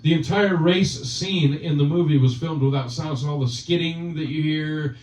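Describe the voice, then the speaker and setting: A man's voice: fairly high pitch, moderate pace, darkish tone. Teasing man hosting a casual chat. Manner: teasing, joking banter. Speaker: channel host. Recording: roomy, distant, dull sound.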